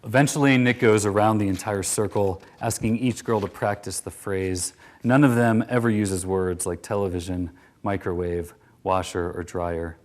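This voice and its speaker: A man reading his own first-person literary story aloud, measured, trailing off softly at the ends of sentences. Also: fairly low pitch, steady tone. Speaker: narrator.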